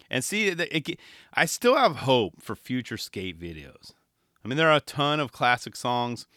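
Lively, bright-voiced man hosting a podcast. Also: mid-range voice, no room sound, studio quality. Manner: enthusiastic, rambling, animated with quoted voices. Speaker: podcast host. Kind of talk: casual solo podcast talk.

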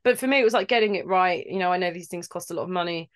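A woman from London who acts in video games, talking in a casual interview in an animated, rambling way and laughing between thoughts. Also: on the low side, very fast. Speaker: video game actor guest.

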